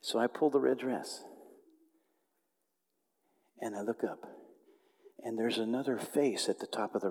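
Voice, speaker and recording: A man preaching a storytelling sermon, swinging between loud outbursts and hushed tones. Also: medium pitch, a little slow, long pauses, big-room sound.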